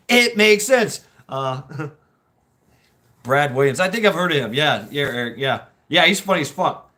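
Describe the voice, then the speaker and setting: Laughing, animated storytelling man. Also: a little slow, pauses often. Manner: animated, laughing, swearing, acts out quotes in high voices. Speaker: podcast host. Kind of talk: casual storytelling chat.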